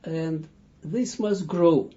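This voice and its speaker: A Kabbalah teacher gives an unscripted audio lesson, speaking slowly and haltingly as he searches for words and restarts often. His voice is dark yet fairly high in pitch, and the recording sounds dull and lo-fi.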